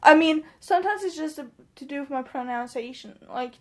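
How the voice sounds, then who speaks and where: Her voice sits high and moves briskly over a very noisy recording. Norwegian by first language, this young vlogger rambles tipsily late at night in English with a blended American-British accent tinged by Norwegian, joking at her own expense, trailing off and restarting.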